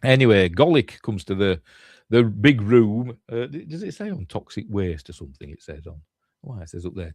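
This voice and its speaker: A film reviewer and channel host from Yorkshire, England, retells movie scenes in a casual, rambling, chatty review full of fillers and chuckles. His low voice is animated and a little mellow at a normal speed. The recording is clean studio sound without echo.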